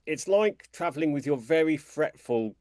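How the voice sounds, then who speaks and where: British man telling animated anecdotes. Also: normal speed. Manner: animated storyteller, imitates people in a high voice. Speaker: author guest. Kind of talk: conversational interview.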